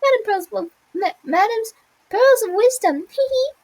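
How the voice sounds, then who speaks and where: A woman voicing a cheerful little sewing creature with a squeaky voice, bubbly and talking about itself in the third person while reading game dialogue aloud. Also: lively intonation, moderate pace, low-quality recording. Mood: chirpy.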